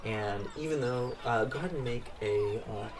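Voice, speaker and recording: A man's voice: mid-range voice, moderate pace, background noise. A man narrating a tabletop game as game master, rambling with many fillers. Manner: loose, rambling, lots of fillers. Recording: far from the mic with music behind.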